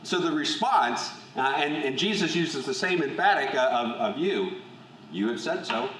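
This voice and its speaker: A man leading a Bible study group, reading scripture aloud and then talking it through in a measured, thoughtful way with frequent restarts. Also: a little high, lively intonation, a bit bright, distant mic. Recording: echoey room, voice from off-mic, faint hum.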